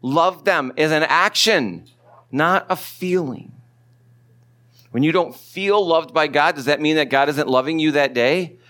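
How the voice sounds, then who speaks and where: A man preaching a sermon as pastor, talking in a relaxed conversational way and putting questions to his listeners. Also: on the high side, unhurried. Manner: conversational, asks the congregation questions.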